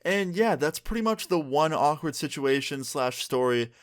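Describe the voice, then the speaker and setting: A man's voice: fairly high pitch, lively intonation, normal speed. A young man telling a storytime on his vlog, casual and full of filler words. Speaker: vlogger.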